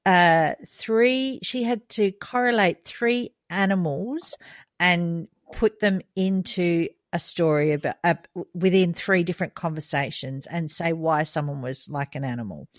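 A woman's voice: lowish voice, measured pace, no echo. Woman in her fifties, podcast co-host, laughing storyteller, dry booth sound. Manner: lively, laughs often while telling stories. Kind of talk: casual storytelling chat.

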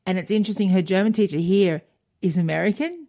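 A woman co-hosting a casual chat. Her voice sits mid-range, and she retells conversations with lively emphasis, voicing each person she quotes. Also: mid-range voice, fast talker. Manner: animated retelling, acts out quotes.

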